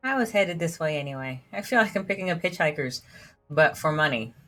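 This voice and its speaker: Lower-pitched, bright woman gamer reading story dialogue, giggly and self-mocking. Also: animated, a little fast, faint music behind. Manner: giggly, self-deprecating, reads dialogue aloud. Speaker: gamer reading all the game's characters. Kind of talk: let's play commentary.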